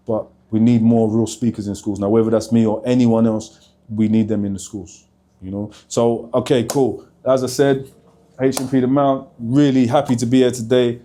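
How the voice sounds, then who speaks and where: A man in his forties, a motivational speaker, talking fast and fired up to camera in a vlog. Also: medium pitch, fairly even intonation, dark tone. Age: 40s. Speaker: motivational speaker, channel host. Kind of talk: energetic vlog talk to camera.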